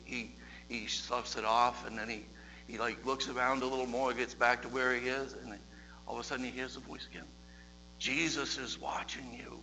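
A man giving a sermon, telling a story in a chatty way, often repeating himself and growing louder as he preaches. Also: slight background noise, poor audio. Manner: conversational, repeats words, builds in loudness and pitch toward the end.

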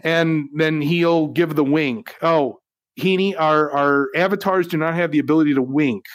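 A man's voice: a little high, moderate pace, dry recording. A man co-hosting a live tech news stream, chatty and upbeat with joking asides. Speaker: co-host of a VR news livestream. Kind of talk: casual livestream chat.

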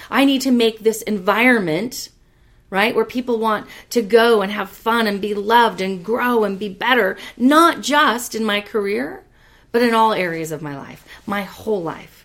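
A woman hosting a motivational business talk, energetic and emphatic, repeating phrases for emphasis, casual with mild swearing. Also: mid-range voice, measured pace. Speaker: podcast host and business leader.

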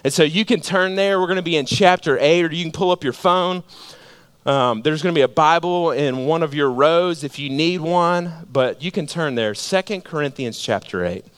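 A male pastor preaching a sermon in a church, casual and animated, dropping slang fillers as he talks. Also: on the high side, moderate pace, clear, resonant tone. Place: church sanctuary.

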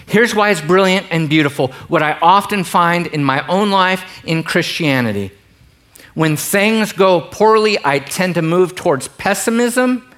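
Pastor, middle-aged man, lively and joking sermon delivery, slightly higher voice than most men, big swings in loudness. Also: unhurried. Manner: animated, joking, swings between quiet emphasis and loud bursts.

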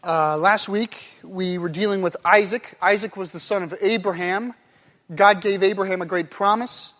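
A man's voice: high-pitched, fairly even intonation, moderate pace, a bit bright. A man preaching a sermon as pastor, playful and demonstrative, acting out one phrase in many different tones of voice. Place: church sanctuary.

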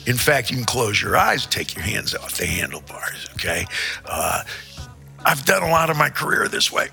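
A man's voice: medium pitch, very animated, normal speed, gravelly, bright, forceful tone, faint music behind. A man from Indiana, a singer on stage, telling a rambling, repetitive comic monologue with playful asides.

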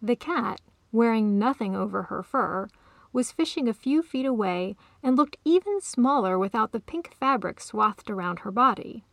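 Woman author narrating a story, calm, slightly high voice, gravelly fry. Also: normal speed, dry recording, clean studio sound.

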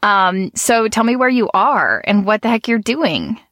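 A woman's voice: mid-range voice, big pitch swings, a little slow, a bit bright, dry recording. Chatty woman podcast host, dry sound. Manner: chatty, laughs often, many fillers. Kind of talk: casual podcast chat with ad read.

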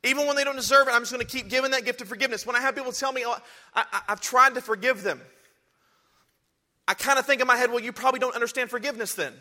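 A pastor preaches in a conversational style and then rises to emphatic exhortation. His voice sits high and bright. It carries a long reverb from a large church hall. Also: quick pace. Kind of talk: sermon.

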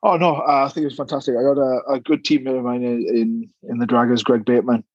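A relaxed male guest talks rugby over a dull, dry line that lends his voice a husky edge. He rambles a little, with lots of uhs and repeated words, at an ordinary pitch. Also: fast, no echo. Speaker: guest, former rugby player. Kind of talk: casual chat.

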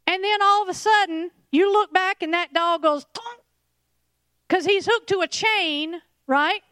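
A woman preaching a lively sermon, laughing and acting out little scenes as she talks. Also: very high voice, normal speed, dry recording.

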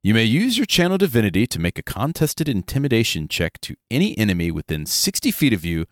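A man with a low voice co-hosts a relaxed gaming podcast, talking loosely and tossing in jokes and asides. The sound is dry and close to the mic. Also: no room sound. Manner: joking, rambling, quick asides. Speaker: podcast co-host. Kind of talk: casual tabletop gaming chat.

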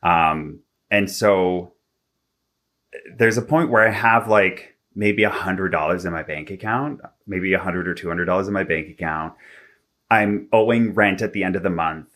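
Young man from Canada, low bright voice, casual filler-heavy storyteller. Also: measured pace. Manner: chatty, filler-heavy, animated when quoting himself. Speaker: interview guest.

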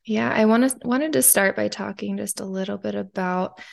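A woman's voice: mid-range voice, moderate pace, vocal fry. A woman hosting a podcast in casual interview chat, rambling with frequent ums and restarts. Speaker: podcast host.

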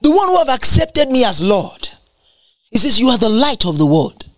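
A woman delivering a sermon with fervent emphasis. She repeats key phrases and quotes scripture. Her pitch sits high and swings with animation. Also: sing-song, moderate pace. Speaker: preacher.

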